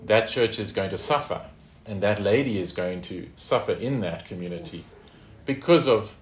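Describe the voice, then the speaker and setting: A man's voice: on the low side, lively intonation, moderate pace, reverberant. A man teaching a Bible study in a conversational way, with fillers and tag questions.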